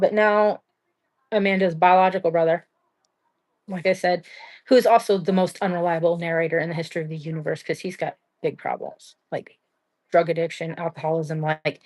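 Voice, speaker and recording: A woman's voice: on the low side, darkish tone. A young adult woman hosting a livestream, telling a true-crime story in a blunt, rambling way full of "like" and casual swearing. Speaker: livestream host.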